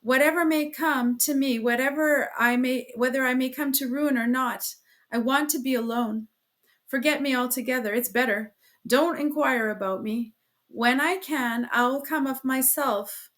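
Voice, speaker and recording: A woman voicing a tormented young man in a classic novel reading, halting and strained. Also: high-pitched, fairly bright tone.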